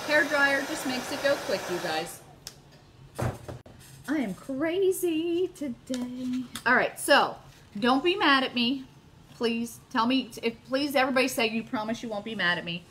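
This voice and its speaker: A middle-aged woman leads a casual live craft demo from her home, gushing over her work. She talks straight to her viewers in a chatty, excited way. Her voice sits a bit high. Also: moderate pace, slight background noise. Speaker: craft video host.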